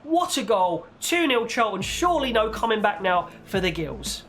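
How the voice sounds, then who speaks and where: A young man commentating on his own football video game match, chatty with viewers and bursting into shouts when his team scores. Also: moderate pace. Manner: excitable, shouts and leaps in pitch on goals; chatty, talks to viewers as "guys" and "boys". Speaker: gaming YouTuber.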